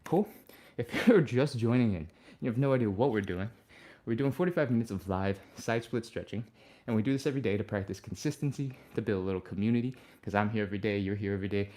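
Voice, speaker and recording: This fitness instructor leads a live stretching workout in a fairly low voice, talking fast with few pauses. He walks through every move in a relaxed, upbeat manner, sighing and breathing audibly between cues.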